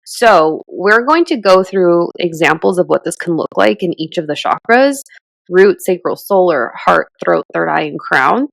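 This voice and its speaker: A woman's voice: on the low side, expressive, a little slow, gravelly, no room sound. A woman in her thirties co-hosting a podcast, talking in a rambling, reflective way full of fillers. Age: 30s. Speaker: podcast co-host. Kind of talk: casual chat.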